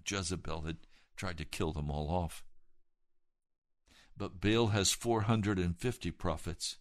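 Emphatic low-voiced male preacher. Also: steady tone, unhurried, dry recording, studio quality. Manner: emphatic preaching that swells loud at climaxes; retells scripture with dramatic emphasis. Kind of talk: sermon.

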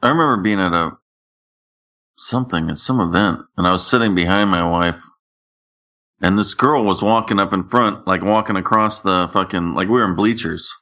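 Male co-host, teasing crude banter, bright animated voice, slightly dull lo-fi sound. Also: low-pitched, moderate pace. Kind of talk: casual chat.

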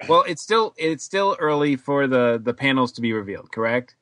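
A man hosts a podcast in an easygoing, chatty way, his voice rising and falling with a lively swing. The recording is dry and close, with no sense of a room. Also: mid-range voice, moderate pace, dry recording. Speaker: podcast host. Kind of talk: casual podcast chat.

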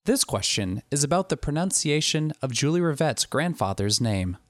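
A man's voice: on the high side, very animated, moderate pace, no room sound, clean studio sound. A man moderating a session, reading audience questions aloud.

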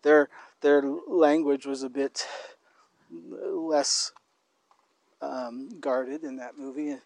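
A man co-hosting a casual conversational podcast, talking in a thoughtful, halting way and often restarting his phrases. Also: fairly high pitch, fairly even intonation, gravelly, a little mellow, dry recording. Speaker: podcast co-host.

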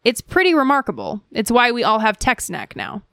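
Female co-host, smooth clear voice, wry and casual, dry sound. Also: a little high, wildly swooping pitch, fairly quick, fairly bright tone, no room sound. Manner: wry, laughing asides. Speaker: podcast co-host. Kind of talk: casual chat.

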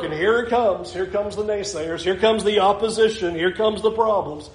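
High-voiced man preaching in an echoey room. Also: unhurried. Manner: expressive, acts out quoted scripture and voices. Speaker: pastor. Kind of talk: sermon.

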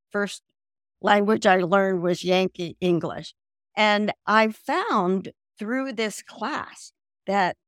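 Older female interview guest on a video call, lively storyteller who mimics voices, dry close sound. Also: medium pitch, no echo. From American South. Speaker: guest, language program founder.

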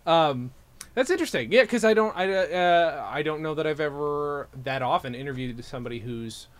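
Easygoing male podcast host, lively pitch. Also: normal speed. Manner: easygoing, laughs often, encouraging backchannels. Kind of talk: casual podcast interview.

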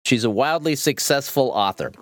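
A man's voice: mid-range voice, lively intonation, moderate pace, no echo, clean studio sound. A man co-hosting a podcast, upbeat and chatty, reading listener reviews aloud. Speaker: podcast co-host. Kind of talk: casual podcast chat.

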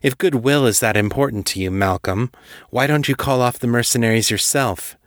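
A man's voice: medium pitch, brisk, dry recording, studio quality, natural voice. A man voicing a scornful, imperious woman vampire priestess with a bitter, mocking tone.

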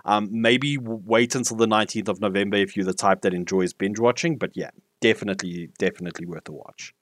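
A man with a fairly low voice gushes about a show in casual podcast chat. His words tumble out with ums and restarts. The sound is dry and close, with no room around it. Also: fast, fairly bright tone, dry recording. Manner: enthusiastic, many fillers and restarts. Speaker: podcast co-host reviewing TV.

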